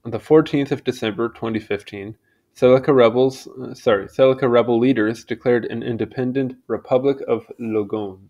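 Guy reading an article out loud, trips on names, chats in between, mid pitch. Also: steady tone, a little fast. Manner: stumbles over names, chatty asides. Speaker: channel host reading aloud. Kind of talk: casual read-aloud with asides.

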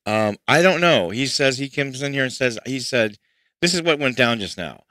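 A bright, forceful man's voice at medium pitch, with lively intonation and normal speed, recorded without echo. He talks casually to his livestream audience while mixing music at home, rambling and frustrated as he sorts out problems, faint music playing behind him.

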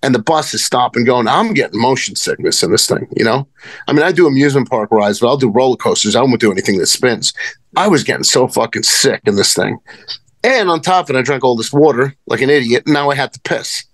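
A man's voice: medium pitch, animated, fast talker, no room sound. A man telling rambling, profane stories as a wrestling guest in casual conversation. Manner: rambling, profane, many restarts. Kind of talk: casual storytelling.

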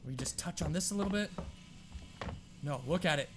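A young man giving casual let's-play commentary on a horror game, swearing often, muttering to himself and bursting into yells. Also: on the high side, brisk, noisy background. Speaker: gaming video host.

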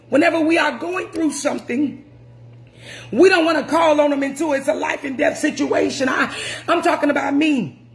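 High-voiced woman preaching emphatically. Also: measured pace. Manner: emphatic, repetitive, often shouting. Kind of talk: sermon.

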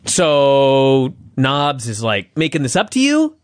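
A man rants in exasperated, profane bursts, his high voice swooping wildly from line to line. The sound is dry and close. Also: wildly swooping pitch, normal speed, hardly any pauses, no echo. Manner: exasperated, profane, ranting with sudden high outbursts. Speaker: podcast co-host. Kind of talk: casual chat, ranting.

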